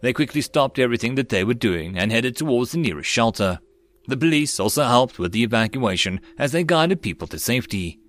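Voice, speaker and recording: A man reads a web novel aloud as an audiobook, taking on all the parts and raising his voice whenever characters speak. He has a medium pitch, a fairly bright tone, lively intonation, and a brisk delivery.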